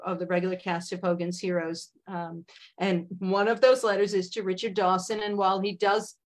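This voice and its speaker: A woman, a guest in a conversational interview, talking in a measured way with frequent fillers and asides. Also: mid-range voice, level tone.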